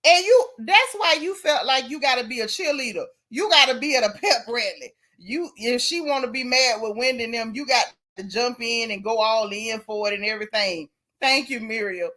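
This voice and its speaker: Woman w/ aave doing a gossip livestream, kinda high voice, reading chat out loud all animated. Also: normal speed. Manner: animated, reads chat comments aloud. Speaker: host.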